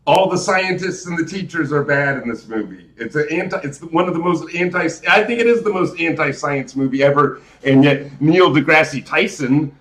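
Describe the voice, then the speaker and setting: A man's voice: on the high side, fairly bright tone, reverberant. A man hosting a live show, rambling through a casual movie rant with emphatic restarts and rhetorical questions. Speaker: host.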